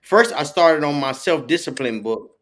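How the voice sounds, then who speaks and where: Man guest, relaxed slangy storyteller with a slightly raised voice, does the quoted voices himself. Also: a little high, normal speed. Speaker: podcast guest, author. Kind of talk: casual conversation.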